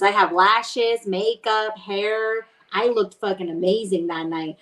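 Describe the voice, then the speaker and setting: A woman's voice: medium pitch, fairly even intonation, normal speed, hardly any pauses, a bit bright. A young woman hosting a podcast, chatting casually and telling stories bluntly with plenty of swearing. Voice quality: blunt, profane storytelling. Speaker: podcast host. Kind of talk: casual chat.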